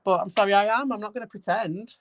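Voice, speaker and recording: A woman's voice: medium pitch, fast, highs cut off. A woman hosting a casual chat, candid and self-deprecating, who laughs often.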